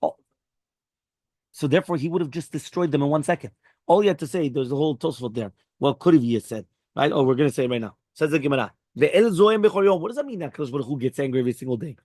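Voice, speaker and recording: Animated man teaching Talmud, dry sound. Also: very fast, no echo. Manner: animated, mixes Hebrew and Aramaic phrases into English explanation; acts out dialogue with raised pitch. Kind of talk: Daf Yomi Talmud class.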